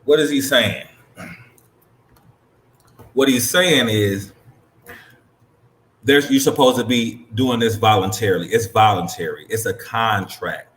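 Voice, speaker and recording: A man's voice: on the low side, measured pace, pauses often, a bit bright. Blunt, profane man with an echoey room. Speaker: host reacting to a clip. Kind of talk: casual commentary.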